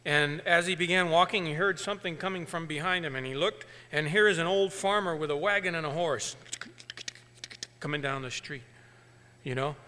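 A male preacher delivering a sermon with animated storytelling, swinging between hushed and emphatic. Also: fairly high pitch, normal speed, long reverb tail.

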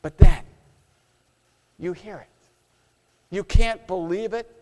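A man's voice: high voice, slow pace, pauses often, dark tone. A man preaching a sermon, telling a story dramatically and acting out its scenes. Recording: long hall reverb.

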